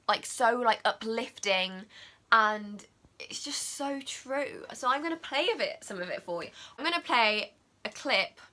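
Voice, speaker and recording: A woman's voice: mid-range voice, pushed and bright. A young woman vlogger gushing through a casual film review, filling her talk with "like" and "oh my God". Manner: gushing, heavy use of "like" and "oh my God".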